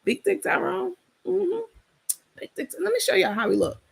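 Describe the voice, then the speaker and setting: A woman's voice: extremely high pitch, big pitch swings, moderate pace, gravelly. A woman hosting a casual livestream, talking bluntly and sassily, cursing freely and laughing often. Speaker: livestream host.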